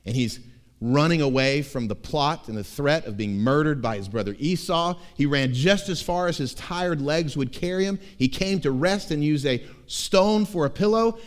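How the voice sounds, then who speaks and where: A man preaching an expository sermon as pastor, emphatic and given to repeating key words, moving between loud stresses and hushed, quiet passages. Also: fairly high pitch, expressive, normal speed.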